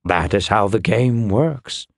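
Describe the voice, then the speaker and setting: A male narrator voicing a gruff, dry-humored older fire warrior in an audiobook. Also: fairly low pitch, lively intonation, takes it slowly, no room sound, exaggerated voice. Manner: grumbling, wry.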